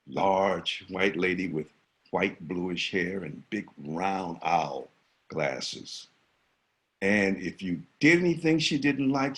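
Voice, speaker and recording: An older man telling a personal story vividly, swinging from loud to hushed. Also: deep voice. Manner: vivid, dramatic, shifts between loud and hushed.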